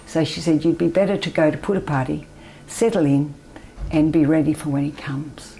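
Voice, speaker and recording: An older Australian woman telling her personal story as an interview guest, soft-spoken and often trailing off into near-whispers. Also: low voice, steady tone, normal speed, gravelly, rough recording. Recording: faint background noise.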